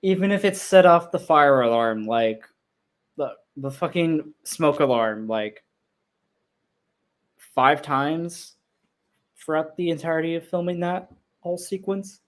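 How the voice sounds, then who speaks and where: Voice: mid-range voice, animated, a little slow, long pauses. A young adult creator giving casual, profane commentary on their own old video, laughing at their past choices and swearing freely.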